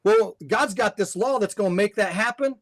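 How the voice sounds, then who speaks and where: A man's voice: high-pitched, normal speed, a bit bright, no room sound. An older man, a guest on a faith podcast, telling a story and giving advice in an earnest way, often repeating words as he restarts.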